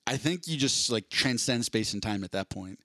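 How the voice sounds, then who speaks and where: A man co-hosting a comedy podcast, rambling through jokes and slipping into quick impressions. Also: mid-range voice, lively intonation, a bit bright, no room sound, clean studio sound. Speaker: podcast co-host. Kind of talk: casual comedic chat.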